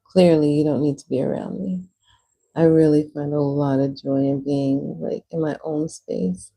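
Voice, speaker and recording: Young woman rambling on a painting stream, low gravelly voice, kinda husky, says like a lot. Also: fairly even intonation, moderate pace, mellow, poor audio. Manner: chatty, rambling, many "like" fillers. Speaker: livestreamer. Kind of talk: casual chat while painting on a livestream.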